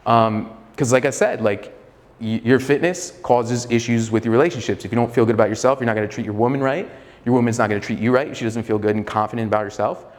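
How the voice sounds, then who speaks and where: A man coaching salespeople in a loose, profane and slightly arrogant way, acting out both sides of sales calls. His voice sits at an ordinary middle pitch. Long reverb from the room trails after his words. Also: quick pace. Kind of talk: live sales training.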